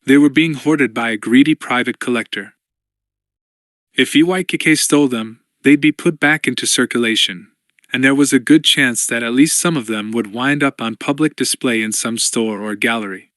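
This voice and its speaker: A man's voice: medium pitch, moderate pace, fairly bright tone, dry recording. Man narrating an audiobook, dry studio sound. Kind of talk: scripted narration.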